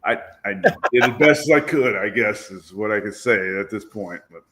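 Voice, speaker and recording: A man's voice: on the low side, moderate pace, sharp tone. A man, a drag racer and guest, telling a story about his car in a loose, self-deprecating way, laughing and swearing as he goes. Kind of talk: casual storytelling.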